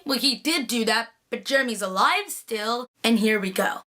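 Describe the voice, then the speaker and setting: Young female vlogger, high and bright, gushing casual recap delivery. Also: lively intonation, normal speed, hardly any pauses. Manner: gushing, chatty, lots of "like".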